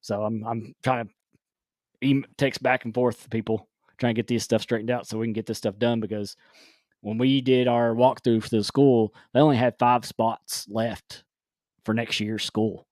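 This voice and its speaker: A man's voice: medium pitch, fairly even intonation, normal speed, darkish tone, no echo, studio quality. A man hosting a casual live-stream chat, rambling with restarts and frequent laughs. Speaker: podcast host.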